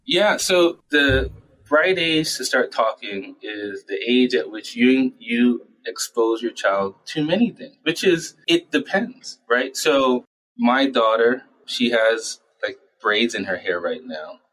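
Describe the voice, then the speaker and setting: A man speaking as a child psychiatrist in an interview, explaining his work in a lively way and acting out parents and teens in short quoted asides. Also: medium pitch, rough recording. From United States. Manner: animated, acts out parents and patients in quick quoted asides. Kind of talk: conversational interview answers.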